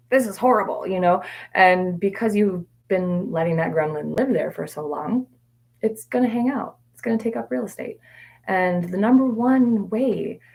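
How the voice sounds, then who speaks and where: A woman coaching viewers in a live question-and-answer session, candid and meandering, with fillers and self-corrections, sometimes dropping to soft whispered repetitions. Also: medium pitch, vocal fry, breathy edge. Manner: soft-spoken, drops to quiet whispered repetitions. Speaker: mindset coach.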